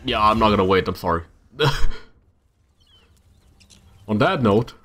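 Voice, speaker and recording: A man's voice: on the low side, lively intonation, measured pace, a bit bright, faint music behind. A young man casually commenting on his own gameplay, talking to himself with exasperated outbursts. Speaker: gamer. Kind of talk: let's-play commentary.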